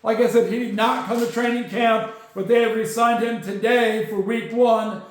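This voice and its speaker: A man's voice: high-pitched, fairly even intonation, normal speed. A man hosting a solo sports podcast, ranting his opinions and tagging points with "okay?". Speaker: podcast host. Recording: very echoey room.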